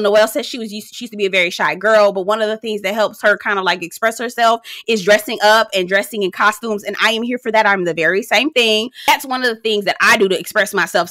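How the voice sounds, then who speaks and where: A woman's voice: medium pitch, bright, forceful tone, no room sound. A young woman giving a casual, blunt and profane commentary on a reality show, laughing often and talking straight to her viewers. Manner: chatty, speaks straight to viewers.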